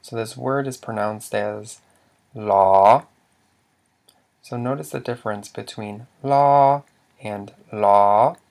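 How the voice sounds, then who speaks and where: A man's voice: lowish voice, fairly even intonation, moderate pace, creaky, few pauses. A man narrating a slide lesson as a language teacher. He asks questions, answers them himself, and often stops to restart a word.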